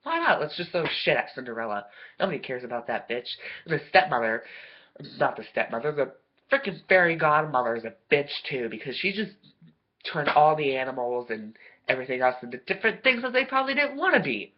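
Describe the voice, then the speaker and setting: A vlogger delivering a foul-mouthed, sarcastic rant straight to camera, swearing nonstop and jumping into loud, indignant outbursts. The voice sits in a middle pitch. The recording is dull and lo-fi, with the top end muffled. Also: very animated, fairly quick. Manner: swears constantly, sarcastic, loud bursts of outrage. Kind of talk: profane comedic rant to camera.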